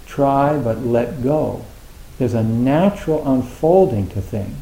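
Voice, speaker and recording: A Zen teacher gives an informal talk to retreat students, rambling along with plenty of fillers and restarts. His mid-range voice is expressive, slow, and dark in tone, and the room echoes.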